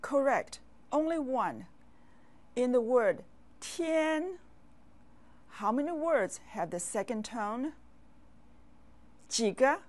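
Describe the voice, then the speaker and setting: Teacher voice: woman, slightly high, slow and deliberate, patient drill style. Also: expressive, darkish tone. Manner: patient, drills words and asks learners to repeat. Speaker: language teacher. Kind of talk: slow, clear classroom instruction.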